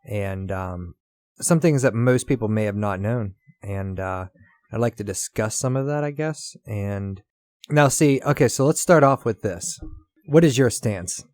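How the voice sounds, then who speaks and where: Low-voiced man, casual podcast co-host. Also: lively intonation, measured pace, darkish tone, no room sound. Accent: Southern US twang. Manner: loose, rambling, with many fillers.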